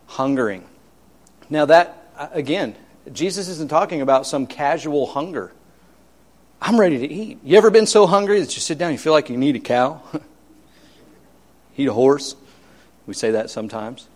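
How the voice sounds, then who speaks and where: Male pastor, fairly high voice, emphatic and repetitive, mixes humor into the sermon.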